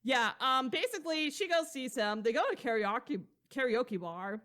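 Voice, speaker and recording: A woman with a slightly high voice chats her way through a story recap. She talks loosely and wanders, tossing in "blah, blah" and the odd curse as she goes. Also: animated, moderate pace, a bit bright. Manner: rambling, loose and profane, heavy on fillers like "blah, blah". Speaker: podcast co-host. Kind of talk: casual chat recapping a book.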